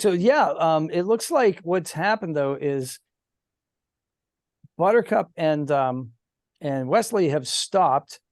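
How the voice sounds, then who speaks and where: A man's voice: a little high, a little mellow, no echo. Brief: man game master, hesitant narration, dry video-call sound. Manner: halting, searching for words.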